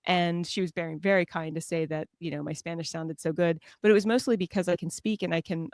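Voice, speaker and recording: A woman from Southern California, a guest on a podcast, telling lively self-deprecating stories and laughing often. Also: lowish voice, a little fast, no room sound, studio quality. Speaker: guest author. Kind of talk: casual conversational storytelling.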